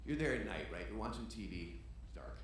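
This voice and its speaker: Animated man doing stand-up in a club. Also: on the low side, fairly quick, a little hiss or hum. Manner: animated, shouts punchlines, acts out dialogue. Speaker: stand-up comedian. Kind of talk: stand-up set. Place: comedy club stage. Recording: roomy club sound with audience laughter. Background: audience laughter.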